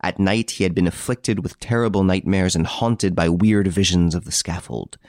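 A man narrating an audiobook of a crime story in a measured, steady reading. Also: deep voice, no echo, studio quality. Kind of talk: scripted narration.

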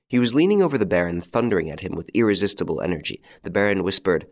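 Man reading a story out loud, steady narration, real low voice with some fry. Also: fast talker, few pauses. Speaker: audiobook narrator. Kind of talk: scripted narration.

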